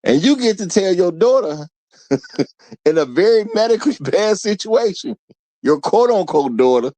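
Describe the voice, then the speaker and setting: Man, higher voice, dry close sound, animated, acts out voices, laughs a lot. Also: takes it slowly, pauses often, no echo. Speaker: host. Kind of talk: casual commentary.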